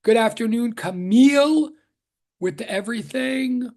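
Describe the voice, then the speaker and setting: Rambling professor on a video call. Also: male voice, sits high, moderate pace, a little mellow. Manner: chatty, rambling, greets students one by one with many restarts. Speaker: physics professor. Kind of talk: casual online class greeting.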